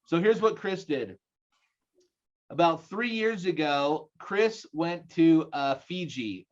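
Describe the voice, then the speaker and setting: A man's voice: on the high side, slow, highs cut off. Upbeat Utah man presenting over a call. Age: 40s. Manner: energetic, rallying the audience with questions. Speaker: guest speaker. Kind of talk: live seminar presentation.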